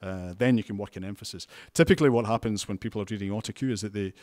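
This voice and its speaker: A Scottish man with a somewhat low voice talks through interview answers in a loose, chatty way. He restarts his sentences often and drops in wry asides, in the manner of a seasoned news presenter. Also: very fast, hardly any pauses, a little mellow. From Scotland. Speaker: television news presenter and reporter.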